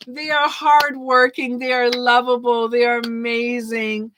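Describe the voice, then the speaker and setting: A woman's voice: fairly high pitch, measured pace, few pauses, noisy background. A woman reading tarot cards on a live stream, chatty and repetitive, laughing often as she reads viewers' questions. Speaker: tarot reader.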